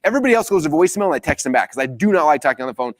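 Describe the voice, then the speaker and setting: A man in his thirties tells stories at a live training, talking very quickly and acting out each exchange. His voice sits a little high and lively. The recording is dry and close, with no room sound. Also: no echo. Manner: energetic storytelling, acting out quoted dialogue. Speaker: business coach.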